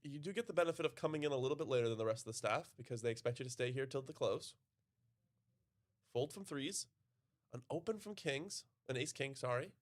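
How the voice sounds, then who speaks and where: An American man commentating a live poker stream, relaxed and easily laughing. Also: mid-range voice, fairly quick. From United States. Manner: laid-back, laughs often, casual banter.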